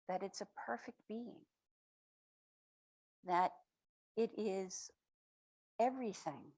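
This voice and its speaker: A woman speaker giving a spiritual talk at a spiritual center, retelling a story in a slow, reflective, affirming way. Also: medium pitch, low-quality recording. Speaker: guest speaker.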